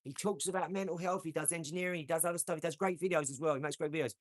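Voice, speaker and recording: A man's voice: on the high side, rapid-fire, dry recording. A man hosting a casual live stream, giving motivational talk with emphatic, repeated phrases. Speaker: livestream host. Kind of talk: casual motivational livestream chat.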